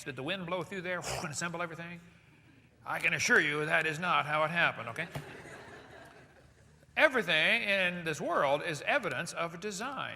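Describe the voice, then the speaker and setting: Bright, lively man lecturing in an echoey hall. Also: fairly high pitch, a little hiss or hum. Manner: rhetorical questions with joking asides. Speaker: seminar speaker. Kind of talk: live lecture to an audience. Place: lecture hall with live audience. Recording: echoey hall with long reverb.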